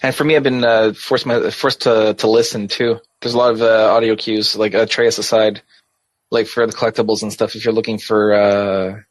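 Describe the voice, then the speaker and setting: A man's voice: on the low side, level tone, normal speed, no room sound. Male podcast co-host, casual rambler, dry close mic. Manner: rambling, many restarts and swearing. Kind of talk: casual chat.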